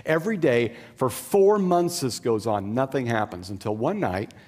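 A man's voice: medium pitch, lively intonation, normal speed, darkish tone, in a large hall. A man preaching a sermon, telling a story in a conversational way with easygoing asides. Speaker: pastor.

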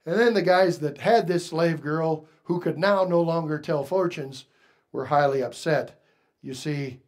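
A male pastor preaching a sermon slowly and emphatically, stretching out key words for weight. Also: on the high side.

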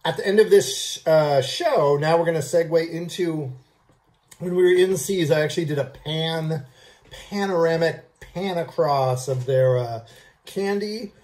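A food vlog host giving a casual, gushing candy tasting review, with halting "um"s between lines. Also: medium pitch, darkish tone. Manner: gushing, repeats "I love", halting fillers.

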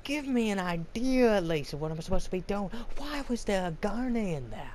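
A man hosting a let's play, talking to himself with goofy jokes and mock accents, bursting into loud panicked yelling. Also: high-pitched, sing-song, moderate pace, hardly any pauses. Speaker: gaming video host. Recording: clear background noise.

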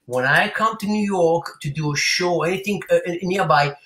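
A French-accented man talks as a guest on a rock show, playful and hamming it up. His voice is high and bright, with a roomy echo around it. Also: moderate pace. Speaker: guest singer. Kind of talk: casual interview chat.

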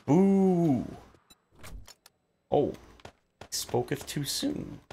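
Speaking extremely slowly, a male gaming YouTuber delivers theatrical, exasperated complaints during game commentary, with big pitch jumps and lively intonation. His voice is mellow, with vocal fry and a breathy edge.

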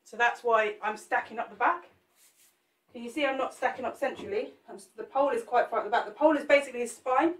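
A fast-talking woman with a fairly high pitch jokes and chats with her viewers during a live cake-sculpting demo, addressing them as she works. The distant, off-mic recording has a roomy echo.

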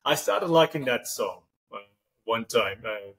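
A man hosting a podcast, talking in a rambling, animated way and acting out example lines. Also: medium pitch, unhurried, vocal fry, low-quality recording. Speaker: podcast host. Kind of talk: casual interview chat.

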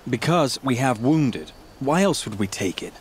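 An actor playing a grim male outcast leader in a game, speaking in a grave, measured way. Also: mid-range voice, animated, slight background noise, lightly acted. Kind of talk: game character dialogue.

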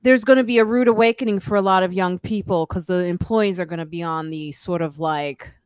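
A woman's voice: fairly low pitch, a little fast, smooth, no echo. A middle-aged woman hosting a casual live stream, telling stories and playing out other people's lines herself. She talks over a video call, and her sound is close and dry, with no room around it. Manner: animated storyteller, acts out other people's lines. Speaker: podcast host.

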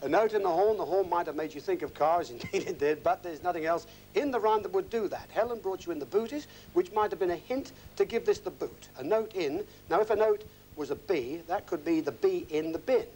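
A man's voice: sits high, brisk, darkish tone, slight background noise. A man hosting a television game show, chatty and teasing, laughing often with the contestants. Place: television studio with audience. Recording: 1980s TV broadcast with studio audience. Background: studio audience.

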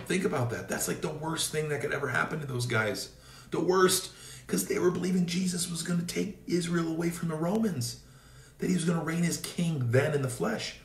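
A man's voice: reverberant, distant mic. A man from the Seattle area leading a fervent prayer and sermon, declaring and telling stories with energy. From Seattle area, Washington State. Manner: fervent, declaring, storytelling with rising pitch. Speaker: preacher.

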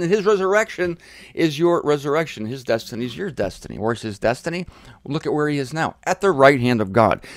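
A man delivering a solo Bible teaching with punchy emphasis and blunt, irreverent asides. His voice sits at an ordinary middle pitch and is recorded dry and close, with no room sound. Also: no echo. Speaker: Bible teacher hosting a show.

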